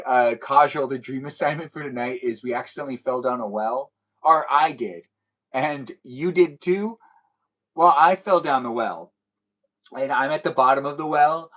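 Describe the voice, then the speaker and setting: A man's voice: mid-range voice, a bit bright, rough recording. A man chatting casually with viewers on a live stream, rambling playfully and acting out silly imagined conversations. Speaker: livestreamer.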